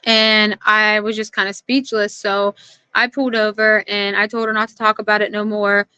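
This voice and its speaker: A woman's voice: medium pitch, flat delivery, normal speed, bright, forceful tone, smooth, no echo. A young adult woman, an interview guest, earnestly recounting personal events and quoting what others said. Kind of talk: personal account in conversation.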